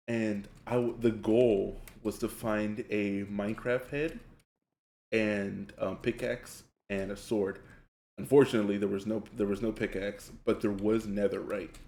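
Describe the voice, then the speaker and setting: A man streaming live, telling stories in a loud, excitable way and laughing often as he reads chat. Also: on the low side, echoey room. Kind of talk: casual storytelling while gaming on a live stream.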